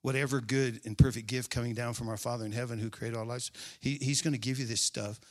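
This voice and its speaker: A male pastor preaching a sermon, repeating key phrases with emphasis, drawing them out and now and then dropping to a hushed aside. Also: mid-range voice, fairly even intonation, quick pace.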